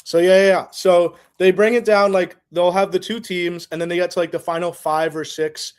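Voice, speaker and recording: A man's voice: high-pitched, little pitch movement, moderate pace, smooth. A man explaining things loosely in casual podcast chat, rambling with lots of fillers and the odd swear word.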